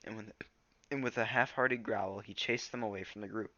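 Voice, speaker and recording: Man reading a storybook, casual, gravelly, bright tone, dull dry recording. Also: fairly low pitch, steady tone, moderate pace, no room sound. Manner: casual, stumbling over words. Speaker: reader.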